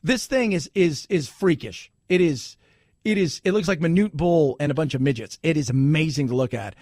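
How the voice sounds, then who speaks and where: A man hosting a talk radio show, ranting sarcastically and breaking into sudden shouts. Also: fairly high pitch, moderate pace, no echo, clean studio sound. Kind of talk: opinionated talk radio rant.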